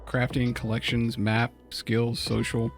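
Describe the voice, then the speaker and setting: A man's voice: medium pitch, monotone, unhurried. Man thinking aloud over faint game music. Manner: thinks aloud while playing, reads game menus. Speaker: co-host streaming a game. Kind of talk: casual live-stream chat.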